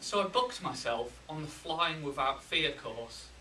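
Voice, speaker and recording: A Yorkshire man delivers a humorous contest speech with deadpan timing, his voice bright and a bit high. The sound is roomy and distant, as if picked up from across a hall, with a faint hiss behind it. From England. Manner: deadpan comic timing, pausing for laughs. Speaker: contest speaker.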